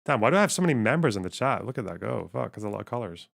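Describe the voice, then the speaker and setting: A man's voice: on the low side, big pitch swings, racing, vocal fry, fairly bright tone. A man streaming live, reacting to a clip with frequent laughter, reading out chat messages and passages from a text. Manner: laughs often, reads chat and academic text aloud. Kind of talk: casual live-stream commentary.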